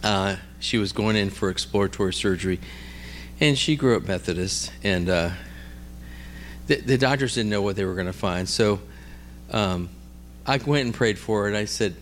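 A man's voice: lowish voice, normal speed, a little hiss or hum. A man preaching conversationally, telling stories and checking in with his listeners with "all right?" and "amen?". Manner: repeats and restarts words while telling stories. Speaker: preacher teaching on healing ministry. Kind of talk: conversational sermon with storytelling.

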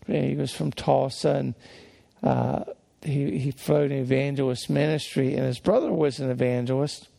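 A man's voice: mid-range voice, fairly even intonation, moderate pace, gravelly, warm tone. An older man preaching in a folksy storytelling way, with many restarts and fillers. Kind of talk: sermon-style teaching.

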